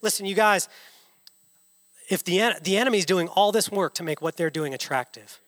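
A man's voice: sits high, moderate pace, fairly bright tone. A man in his thirties preaching a passionate sermon, full of rhetorical questions. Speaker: pastor. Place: church hall. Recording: reverberant church hall.

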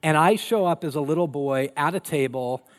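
A man's voice: on the high side, moderate pace. A middle-aged man who grew up in Colorado, a pastor preaching a sermon and telling family stories with acted-out voices. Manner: animated storytelling, acting out voices.

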